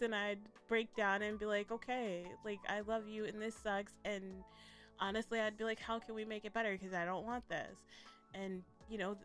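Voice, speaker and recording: A woman giving a blunt, animated, profane commentary in a casual vlog, laughing often. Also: mid-range voice. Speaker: vlogger reviewing a documentary.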